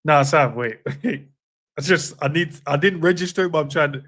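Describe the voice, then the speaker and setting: Co-host, easygoing man, quick to laugh, dry close mic. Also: a little high, a bit bright, no room sound. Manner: laid-back, laughs often, says bro a lot. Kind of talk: casual live chat.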